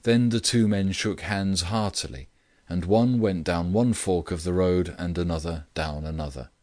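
A man with a very deep voice narrates a classic story at a measured pace. His delivery is steady and scripted. The recording is dry and close, with no room sound. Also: no echo. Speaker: audiobook reader.

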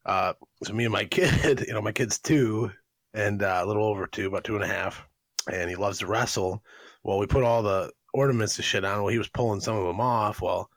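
A man's voice: on the low side, a little fast, no room sound. A young man co-hosting a podcast, rambling through crude stories and laughing as he goes. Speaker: podcast co-host. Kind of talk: profane casual storytelling.

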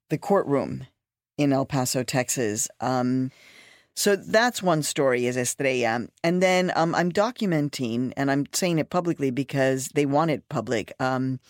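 A man's voice: medium pitch, no echo. Thoughtful man hosting, dry sound. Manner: thoughtful, many "um" pauses. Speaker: podcast host. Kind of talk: hosting a panel discussion.

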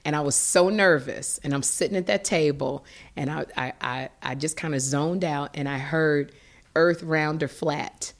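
A middle-aged woman, a guest in an interview, telling a personal story in an animated, emotional way with frequent restarts. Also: deep voice, normal speed.

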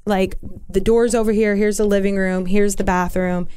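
A woman telling a personal story in an interview, candid and halting, with restarts and asides. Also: medium pitch, steady tone, warm tone, smooth. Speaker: interview guest.

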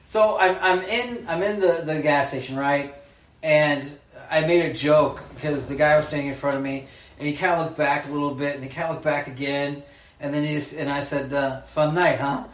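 A man co-hosting a podcast, telling a story with animated voices and frequent laughs. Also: fairly high pitch, moderate pace. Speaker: podcast co-host. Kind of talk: casual chat. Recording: echoey room.

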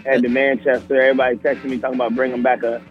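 A man, a touring musician, chatting casually on the phone with radio hosts in a relaxed, slangy way, laughing easily. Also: medium pitch, racing, dull audio, loud music behind the voice.

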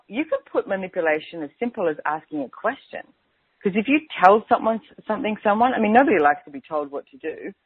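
A woman's voice: on the low side, husky, no echo. A woman hosts a radio talk show in an easy, rambling way, looping back to "and it's like" again and again. Her voice comes through narrow and tinny, as if over a phone line, and it sounds close and dry with no room around it. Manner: chatty, keeps saying "and it's like". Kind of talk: casual on-air talk.

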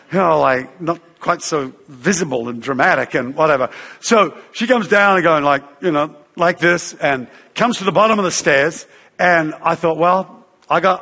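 A man preaching and telling a story, animated, acting out the voices of others and using fillers like "uh" and "you know". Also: on the high side, in a large hall. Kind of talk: sermon storytelling.

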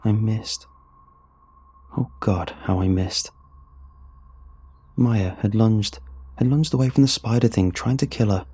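A man telling a first-person horror story in a grim, measured way. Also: on the low side, warm tone, breathy edge. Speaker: narrator.

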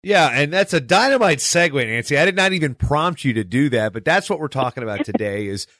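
A man's voice: a little high, expressive, brisk, fairly bright tone, dry recording, clean studio sound. A man hosting a conversational interview, telling rambling stories in a chatty way. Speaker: podcast host.

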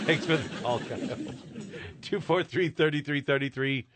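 A male radio host running a live call-in joke segment, jovial and quick to laugh. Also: fairly high pitch. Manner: jovial, laughs easily, repeats the phone number. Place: radio studio. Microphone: studio microphone.

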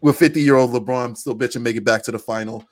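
A man talking basketball on a podcast mic, animated and full of laughs. His pitch sits in the usual middle range. He acts out bits of what players said as he goes. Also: quick pace. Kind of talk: casual sports chat.

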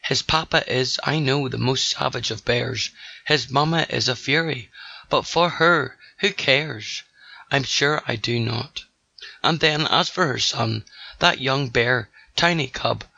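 Man putting on a cheeky little girl, higher voice, gravelly edge, dull dry sound. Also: pushed and bright, no echo, full character voice. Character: bold cheeky young girl intruder.

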